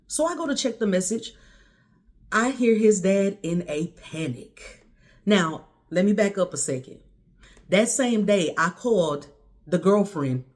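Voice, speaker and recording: Woman telling a painful story, fierce. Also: on the low side. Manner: intense, rising to near-shouts when quoting herself. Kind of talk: emotional personal storytelling.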